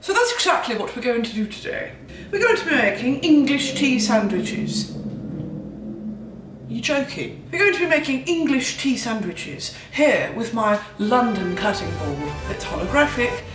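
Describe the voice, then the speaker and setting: A woman's voice: a little high, big pitch swings, normal speed, far from the mic. An American woman hosting a comedic cooking vlog, joking in a mock posh English accent and swearing for laughs. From United States. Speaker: YouTuber host. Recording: roomy, off mic, faint music behind.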